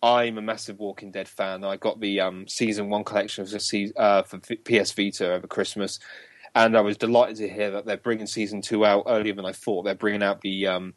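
Brief: man, podcast host, rambly with fillers, low pitch, dry sound. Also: little pitch movement, a little fast, dry recording. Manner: rambling, many ums, laughs easily. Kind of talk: casual gaming podcast chat.

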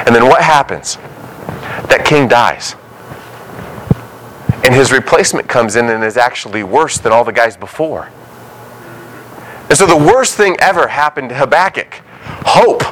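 A man's voice: medium pitch, very animated, normal speed, long pauses, a bit bright, slight background noise, rough recording. A man preaching a sermon as a pastor, talking conversationally and acting out short quoted voices.

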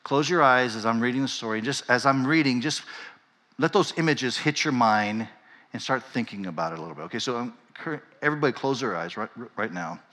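A middle-aged man preaches from the pulpit, his tone bright and forceful as he tells a story full of self-mocking humor. He then drops into a slow, hushed reading. A long church echo trails every phrase. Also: mid-range voice, animated. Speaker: pastor. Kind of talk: sermon. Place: church sanctuary.

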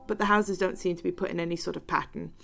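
A woman narrating a tabletop role-playing game as game master, relaxed and chatty. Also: on the low side, fast, vocal fry, soft background music.

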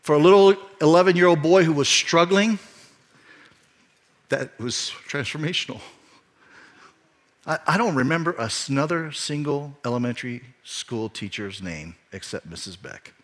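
A man's voice: a little high, lively intonation, moderate pace. A middle-aged man, a pastor, telling a personal story in a sermon, earnest and rising to emphatic peaks. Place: church.

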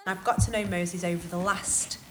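A woman's voice: on the low side, fairly even intonation, normal speed, music in the background. A young woman hosting a podcast interview, upbeat and chatty, often laughing. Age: young adult. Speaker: podcast host and singer.

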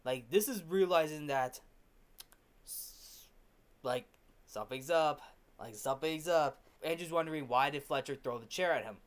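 A man's voice: fairly high pitch, moderate pace. A man hosting a film review, recapping scenes casually with many restarts and repeated words.

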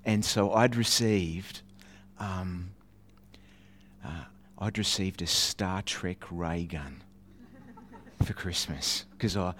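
A man preaching in a chatty, self-mocking way, telling a childhood story with animated voices and sound effects. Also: low voice, slow pace, long pauses, slight background noise. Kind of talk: storytelling sermon.

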